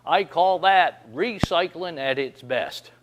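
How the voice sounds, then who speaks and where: A man's voice: a little high, slow, lo-fi sound, slight background noise. Folksy man spinning comic yarns. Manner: down-home storyteller, chuckles often. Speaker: host of a humor segment.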